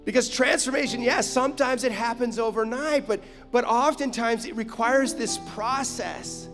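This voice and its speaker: A man's voice: very high-pitched, moderate pace, long reverb tail, over music. A man preaching a sermon, emphatic, with frequent rhetorical asides to his listeners. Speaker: pastor.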